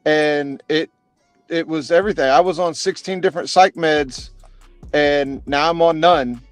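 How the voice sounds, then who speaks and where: Man, veteran guest, laid-back, matter-of-fact, smooth voice, faint music behind. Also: a little high, a little slow, dry recording. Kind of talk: casual chat.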